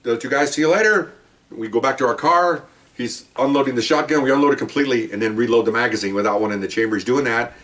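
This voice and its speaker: A man, a former police officer, telling a story in a casual, animated way and acting out the people in it. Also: mid-range voice, fast talker, distant mic. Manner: animated, acts out quotes with rising voice.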